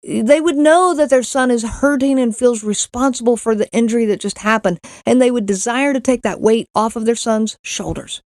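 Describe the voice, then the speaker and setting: A middle-aged woman with a slightly mellow, high-leaning voice hosts a podcast at a moderate pace with few pauses. Her personal story is told earnestly, full of repeated words and acted-out quotes. The audio is clean studio sound with no echo.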